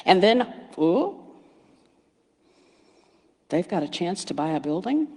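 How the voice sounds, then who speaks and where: A middle-aged woman minister giving a sermon, storytelling warmly with playful asides and hushed emphasis. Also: fairly high pitch, animated, moderate pace, long pauses. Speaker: guest speaker minister. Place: church sanctuary. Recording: reverberant hall.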